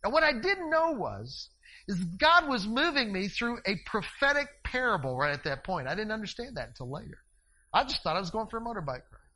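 A male minister preaching a sermon, telling a personal story in an animated way and swinging between loud and hushed delivery. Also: sits high, fairly quick, low-quality recording. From northeast Ohio, US.

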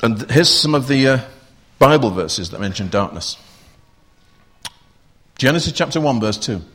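A man's voice: fairly low pitch, animated, normal speed, a bit bright, slightly rough. A man preaching a sermon, talking conversationally and putting rhetorical questions to his listeners.

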